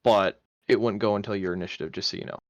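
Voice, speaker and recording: A man's voice: lowish voice, fairly even intonation, quick pace, no room sound, lo-fi sound. A man playing in a tabletop game, eagerly asking questions and working out tricks as he goes. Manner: eager, plans out loud with questions. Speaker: player. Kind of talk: casual tabletop play.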